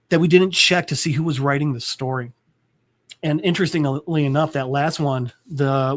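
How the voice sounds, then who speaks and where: Animated man retelling a comic. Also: a little high. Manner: animated retelling, acting out characters' lines. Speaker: podcast co-host. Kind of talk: casual chat recapping a comic.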